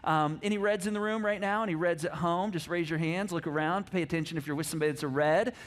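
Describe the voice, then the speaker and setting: Male pastor, high-pitched, lively sermon delivery with playful impressions. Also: fast talker. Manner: animated, acts out voices, laughs often. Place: church. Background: congregation.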